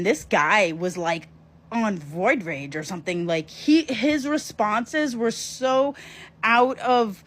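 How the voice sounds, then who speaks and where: A woman telling a story from her own life to camera in a casual vlog, lively and emphatic, with quick asides to the viewer. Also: on the high side.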